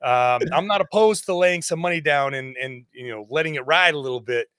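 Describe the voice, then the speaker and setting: A man's voice: on the high side, fairly quick, fairly bright tone, clear, resonant tone, dry recording, studio quality. A man hosting a sports podcast, chatting casually and self-deprecatingly, slipping into an ad read. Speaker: podcast host.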